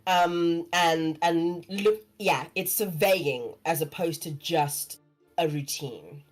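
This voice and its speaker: A woman narrating as dungeon master in a relaxed, chatty way, full of fillers and asides. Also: on the low side, takes it slowly, soft background music. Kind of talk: narrating a tabletop game.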